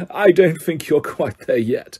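A man's voice: on the high side, lively intonation, slow, warm tone, slightly rough, exaggerated voice. A man doing a jovial, vain teacher. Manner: jovial, pompous, patronising.

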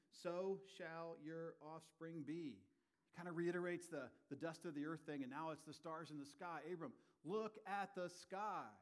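A man preaching a sermon, animated and expressive, his volume rising and dropping as he acts out the people he quotes. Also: on the high side. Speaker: pastor.

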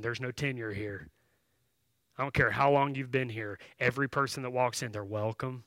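This male pastor speaks at medium pitch with a pushed, bright voice, and the recording has no echo. His sermon starts as a loose, conversational story full of fillers and restarts before shifting into emphatic, direct appeals to the congregation.

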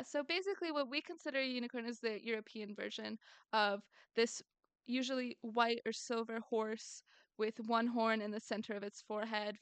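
A woman's voice: a little high, fairly bright tone, clean tone, no room sound. A woman co-hosting a podcast in casual chat, playful and giggly, teasing her co-host.

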